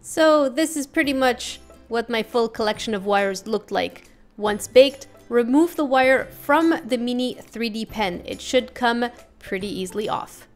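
A woman's voice: on the high side, expressive, unhurried, soft background music. A woman hosting a craft tutorial in a casual voice-over, playful and full of jokey asides.

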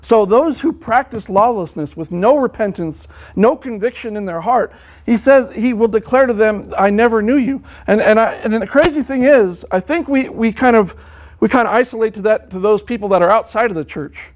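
Earnest male preacher with a high voice, sermon delivery full of restarts. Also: moderate pace. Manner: earnest, repeats words and restarts often; quotes scripture at length.

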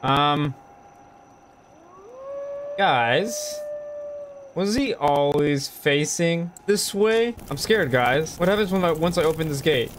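A man's voice: fairly high pitch, animated, takes it slowly, long pauses, background noise. A young man commenting on a horror game for his viewers, jumpy and easily scared. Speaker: gaming video host. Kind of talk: let's play commentary. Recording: voice over loud game music.

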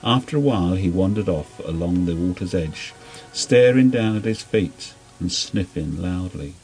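A man gently reading a children's story aloud in an unhurried storybook manner. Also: sits low, expressive, soft background music, rough recording.

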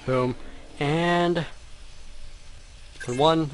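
A man's voice: a little high, extremely slow, long pauses. A man commentating his own gameplay, often muttering to himself and exclaiming in frustration. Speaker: let's play gamer.

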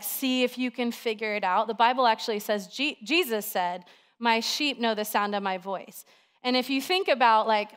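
A woman in her thirties, a pastor, preaching a sermon in a chatty, animated storytelling way with lots of fillers. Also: fairly high pitch, clear, resonant tone.

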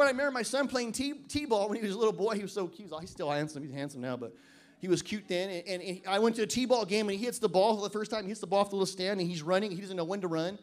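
A man with a very high voice preaching to his church. He swings from loud emphatic declarations to quiet joking asides, and he slows right down to read scripture with weight. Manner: reads scripture slowly and deliberately. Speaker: pastor. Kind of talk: sermon. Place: church service.

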